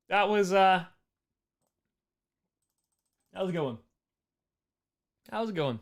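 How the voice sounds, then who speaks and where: A man with a hoarse, worn-out voice hosting a casual live Q&A, joking and rambling as he reads chat questions. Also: high voice, lively intonation, measured pace, long pauses, a bit bright. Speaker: live stream host answering chat.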